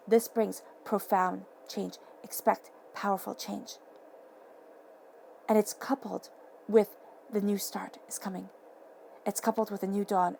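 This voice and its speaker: A woman giving a tarot reading to camera, earnest and excitable, repeating affirming phrases and sometimes tripping over her words. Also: mid-range voice, vocal fry, slight background noise. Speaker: tarot reader. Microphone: camera mic.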